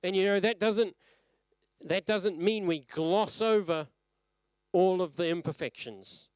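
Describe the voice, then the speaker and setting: A man preaching a sermon at a church service, earnest and reflective, letting his phrases fall softly at the end. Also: high-pitched, measured pace, clean tone, no room sound.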